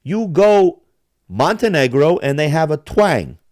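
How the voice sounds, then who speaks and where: Man, podcast host, heated profane rant, swooping lively pitch, dry close sound. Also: unhurried, dry recording. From Balkans. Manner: heated, profane, animated, mimics accents.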